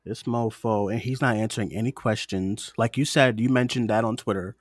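A man in his twenties co-hosting a podcast, chatting in an animated way with laughs and quick asides. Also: lowish voice, dry recording, studio quality. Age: 20s. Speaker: podcast co-host. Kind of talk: casual chat.

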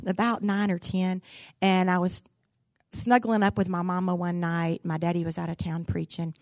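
A woman's voice: lowish voice, no echo, clean studio sound. A middle-aged woman giving a sermon, telling a personal story and asking the room direct questions. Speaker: speaker at a church gathering.

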